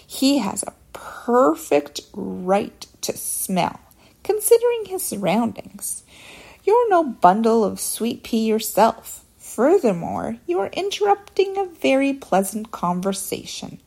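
A woman voicing a calm, wise female spider in a whispered role-play with a soft whisper. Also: a little high, takes it slowly, creaky, slightly rough, exaggerated voice, rough recording. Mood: sharp.

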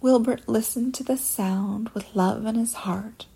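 A woman reading a storybook aloud in a slow, gentle, soft whisper. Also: a little high, creaky, slightly rough, rough recording.

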